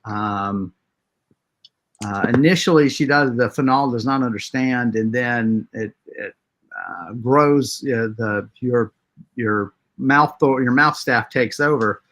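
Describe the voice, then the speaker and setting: A man's voice: mid-range voice, takes it slowly, fairly bright tone. A man narrating a tabletop game as game master, hesitant and full of filler words.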